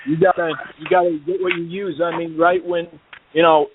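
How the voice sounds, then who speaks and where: A man's voice: a little high, flat delivery, fairly quick, slight background noise. A man hosting an internet radio show, chatting casually and hesitantly with lots of fillers. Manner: hesitant, many ums and you-knows. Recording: tinny phone-like line.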